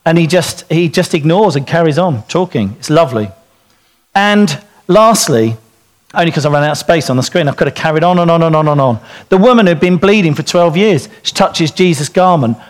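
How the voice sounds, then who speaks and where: A middle-aged man giving an informal sermon to dads, telling stories in an animated way and acting out the quotes. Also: fairly high pitch, fairly quick. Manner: animated storytelling, acts out quotes. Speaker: speaker at a church talk for dads.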